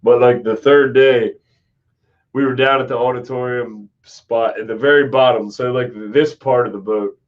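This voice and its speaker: A man's voice: mid-range voice, steady tone, normal speed. A man hosting a live stream, telling a long, profane party story in casual chat. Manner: profane, rambling anecdote-telling. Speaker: host. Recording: dull lo-fi stream audio.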